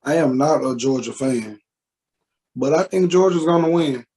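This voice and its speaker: A man on a sports podcast offers his pick in a relaxed, hesitant way. His voice sits a little high yet sounds warm and dark. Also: normal speed, rough recording. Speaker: podcast co-host. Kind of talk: casual sports podcast chat.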